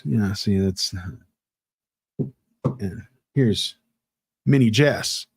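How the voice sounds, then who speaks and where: A man's voice: fairly low pitch, extremely slow, vocal fry, pauses often, a little mellow, slightly rough, no room sound. A man hosting a casual livestream, reading out chat comments in a rambling, playful way with lots of fillers. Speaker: livestream host.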